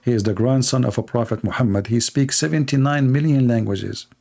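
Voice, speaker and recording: A debate streamer, originally an Arabic speaker, ridicules his subjects during a live stream with sarcasm, jokes and exaggerated drawn-out voices. His mid-range voice is gravelly and a little mellow.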